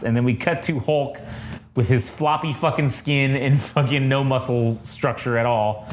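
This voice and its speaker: A man's voice: mid-range voice, moderate pace, a little hiss or hum. A man co-hosting a casual comic book review chat, swearing freely and acting out panels in goofy voices. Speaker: podcast co-host.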